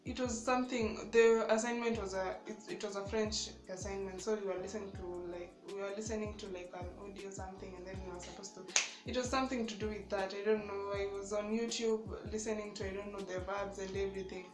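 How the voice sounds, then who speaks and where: A woman's voice: medium pitch, steady tone, quick pace. A young woman, telling a storytime vlog in a chatty way, full of "like" and "you guys". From Kenya. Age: young adult. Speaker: student vlogger. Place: student dorm room. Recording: echoey room, music playing behind.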